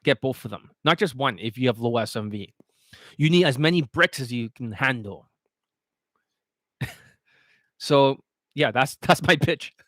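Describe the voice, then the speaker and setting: A man plays a dating coach on a casual livestream, pitching his products in a blunt, boastful way packed with swearing. His tone is fairly bright, with studio-quality sound and no echo.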